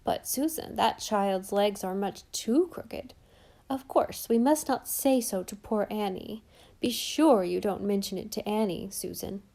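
A woman voicing a gloomy, meddling older aunt who speaks slowly and disapprovingly. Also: mid-range voice, warm tone, natural voice. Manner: slow, sniffing, disapproving.

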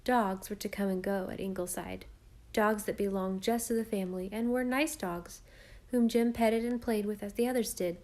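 In measured, expressive tones, a female audiobook narrator with a medium-pitched voice reads aloud from a classic children's novel.

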